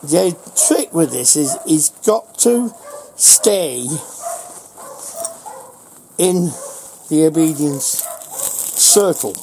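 A middle-aged man with a Northern English accent training his dog outdoors in a casual vlog, calling out short commands and praise. His delivery is slow, with pitch that swings widely, and his voice has a mellow, dark tone. Faint outdoor noise sits behind him. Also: poor audio. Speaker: dog owner vlogger.

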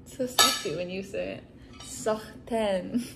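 A woman's voice: mid-range voice, slow pace, creaky, very noisy. Playful American woman from Colorado. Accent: American Mountain West. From Colorado, USA. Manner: playful, giggly, trying out Arabic words. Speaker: vlogger. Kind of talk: casual couple vlog chat.

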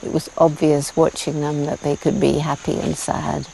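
Low gravelly woman in her seventies. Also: completely flat delivery, normal speed, mellow, a little hiss or hum, poor audio. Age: 70s. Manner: laughs often while telling stories. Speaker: interviewee, primatologist. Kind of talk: casual interview answers. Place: outdoors in a forest.

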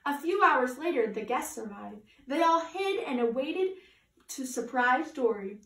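A woman reading a storybook aloud to children as a party entertainer, animated and adding chatty asides. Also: high voice, a little slow. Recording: echoey room, voice from a distance.

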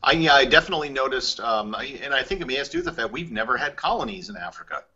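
A man with a bright, forward tone and a slightly husky edge, hosting a travel podcast. He talks in a relaxed, easygoing way and thinks aloud with lots of filler words. The sound is a little dull and lo-fi. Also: medium pitch, very fast. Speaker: podcast host. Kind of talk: casual podcast conversation. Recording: slightly muffled audio.

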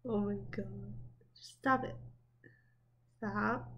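A woman's voice: mid-range voice, steady tone, extremely slow, long pauses. A young woman chatting casually as she reacts to video clips, laughing often and talking back to what she watches.

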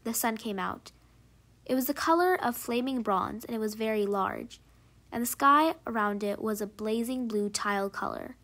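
A woman narrating a short story aloud in a measured, expressive reading. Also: on the high side.

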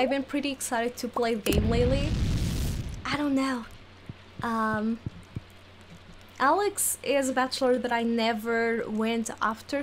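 A woman's voice: a little high, a little hiss or hum. A young woman giving casual gameplay commentary, giggling often, playfully exasperated, and talking to the game's characters. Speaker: let's play gamer.

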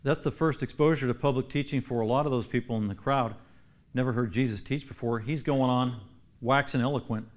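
A man's voice: mid-range voice, steady tone, a little fast. A man, a pastor, teaching a Bible class, emphatic and repeating key phrases for stress while asking the class questions.

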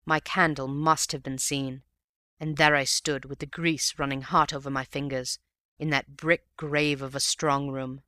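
Bright-toned man reading a story. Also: medium pitch, level tone, no echo, studio quality. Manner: measured storytelling, addressing a friend. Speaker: audiobook reader. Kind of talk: scripted story narration.

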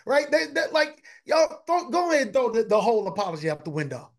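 A man's voice: extremely high pitch, expressive, a little fast, hardly any pauses. A man, a pastor preaching a conversational sermon, repeating phrases and talking to his congregation directly.

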